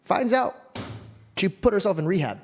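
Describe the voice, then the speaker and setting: Male host, slightly high voice, loose conversational storyteller. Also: very animated, normal speed. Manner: casual, swearing, heartfelt anecdotes. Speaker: podcast host. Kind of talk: casual storytelling in an interview.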